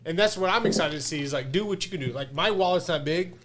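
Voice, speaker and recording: A man co-hosting a podcast in casual chat, excitable and emphatic, swearing freely. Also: a little high, fast talker, a little hiss or hum.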